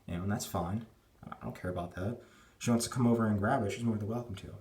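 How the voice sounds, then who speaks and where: Guy in his 20s ranting at home early morning, keeps it hushed, rambly and crude, lowish dark voice. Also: steady tone, fast talker. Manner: crude, rambling, full of fillers and restarts. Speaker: vlogger. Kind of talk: rambling rant to camera. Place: at home indoors.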